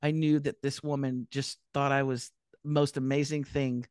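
A woman's voice: rumbling low, flat delivery, normal speed, darkish tone, smooth, no echo, studio quality. An American woman in her fifties, a podcast guest, talking in a reflective way and laughing easily. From United States. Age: 50s. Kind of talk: casual chat.

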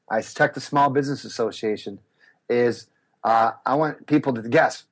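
Husky-voiced man telling a lively story. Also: medium pitch. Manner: acts out voices and gasps, lively and expressive. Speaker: guest, speaker and business coach. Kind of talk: animated storytelling in a podcast interview.

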